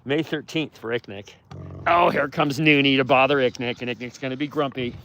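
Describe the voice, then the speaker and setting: A man's voice: medium pitch, fairly even intonation, brisk, fairly bright tone, a little hiss or hum. A man who cares for wolves at a sanctuary, chatting casually and affectionately while walking among them outdoors and answering viewer questions. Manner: affectionate, cooing at the animals. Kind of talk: casual live walk-and-talk. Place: outdoors in a wolf enclosure.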